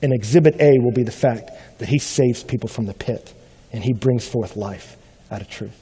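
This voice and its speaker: A man's voice: mid-range voice, normal speed, slight background noise. Man preaching in a reverberant hall. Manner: storytelling with swings between loud animated bursts and hushed quiet passages. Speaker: pastor. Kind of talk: sermon.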